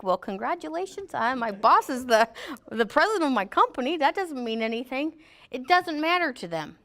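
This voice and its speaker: Woman, high pitch, safety trainer, jokey, acts out quotes, classroom talk. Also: big pitch swings, moderate pace, a bit bright. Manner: joking, acts out quotes in funny voices.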